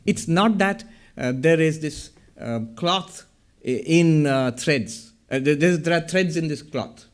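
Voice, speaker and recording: A man's voice: fairly high pitch, slow, clean tone. Man lecturing with rhetorical questions. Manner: explanatory, asks the audience rhetorical questions. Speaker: lecturer on Vedanta. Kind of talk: public lecture. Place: hall with a podium. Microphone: speaking at a podium.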